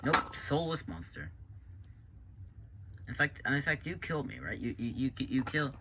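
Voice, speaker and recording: A man's voice: mid-range voice, big pitch swings, unhurried. A young man voicing a fan-made cartoon short, sarcastic and rambling, with stammered restarts. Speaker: amateur voice actor. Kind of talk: fan animation voice acting. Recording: loud background noise with typing clicks.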